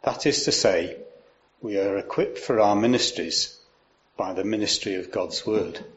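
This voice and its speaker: A man preaching a sermon, explaining and reading scripture aloud in a measured way. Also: lowish voice, a bit bright, dull audio.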